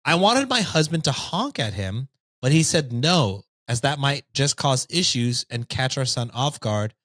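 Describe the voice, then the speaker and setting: A man reads a story aloud on a podcast, his pitch swinging widely as he goes. He stops now and then for a playful aside. The sound is close and dry. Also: unhurried, no room sound. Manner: lively, reads with jokey asides. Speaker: podcast host reading stories.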